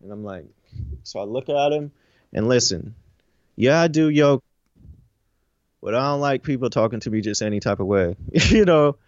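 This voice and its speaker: A man's voice: mid-range voice, fairly quick, no room sound, muffled recording. A man telling a raw personal story. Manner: animated, profane, filler-heavy storytelling. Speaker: interview guest.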